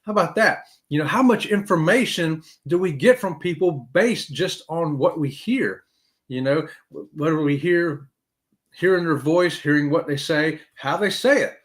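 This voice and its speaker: A middle-aged man, hosting a casual live-stream chat and talking straight to his viewers. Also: measured pace. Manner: animated, talks straight to viewers with "y'all", swoops high for emphasis. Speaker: host of a live cruise chat show.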